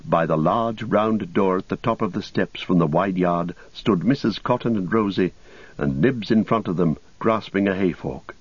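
A man giving scripted audiobook narration in a measured storytelling manner. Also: low voice, breathy edge, no room sound. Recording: dull lo-fi recording.

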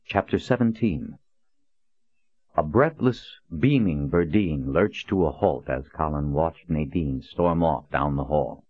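A man narrating a fantasy novel in a measured, even way, on a dull, lo-fi recording. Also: low voice, no room sound. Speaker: audiobook narrator. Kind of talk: scripted narration.

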